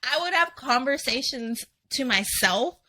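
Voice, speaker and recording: Woman, very bright voice, slightly high, giggly, swears a lot, podcast chat. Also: measured pace. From Canada. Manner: giggly, animated, swears freely. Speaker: guest.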